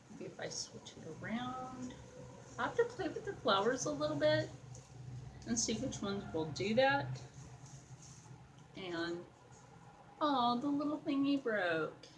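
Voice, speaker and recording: A woman's voice: a little high, slight background noise, rough recording. A young woman chatting casually as she works on a craft project, rambling and talking to her viewers and to a doll. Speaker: craft vlogger.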